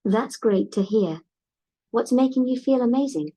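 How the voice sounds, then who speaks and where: A woman's voice: fairly high pitch, expressive, normal speed, warm tone, low-quality recording. A woman's synthetic voice with a British accent, an AI companion giving short, repetitive affectionate replies.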